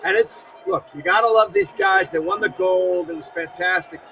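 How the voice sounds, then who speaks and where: A man's voice: sits high, wildly swooping pitch, normal speed, gravelly, soft background music. A middle-aged man hosting live political commentary, talking candidly and critically in conversational asides. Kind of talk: live commentary over a broadcast speech. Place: live event at a press venue. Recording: distant mic with loud crowd noise.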